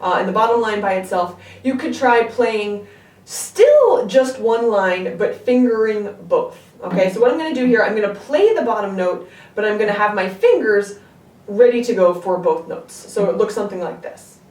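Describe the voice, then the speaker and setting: A woman's voice: mid-range voice, expressive, moderate pace, a little mellow. Patient woman teaching, echoey room. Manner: patient, stops often to check in with the learner. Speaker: string teacher. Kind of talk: instructional music lesson. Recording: echoey room, distant mic. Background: her own instrument playing between phrases.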